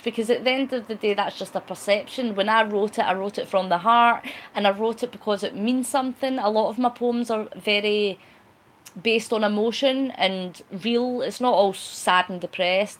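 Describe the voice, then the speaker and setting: A woman chatting casually on a live stream, reading out viewer comments in a cheeky, talkative way with frequent laughs. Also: medium pitch. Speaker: vlogger.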